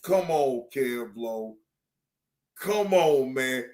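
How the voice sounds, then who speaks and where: A man's voice: mid-range voice, expressive, extremely slow, a little mellow, pitched below the performer's own voice. A man mimicking a flustered man who stammers and pleads, repeating himself over and over. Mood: pleading.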